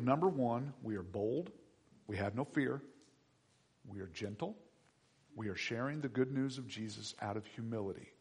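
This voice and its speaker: A man preaching a sermon as pastor, animated and conversational, acting out voices of people in the story. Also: medium pitch, husky.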